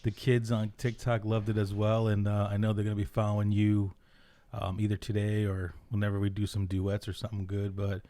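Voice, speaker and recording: A man's voice: on the low side, completely flat delivery, a little fast, mellow. A man hosting a casual podcast chat, upbeat and slangy, laughing often. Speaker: podcast host.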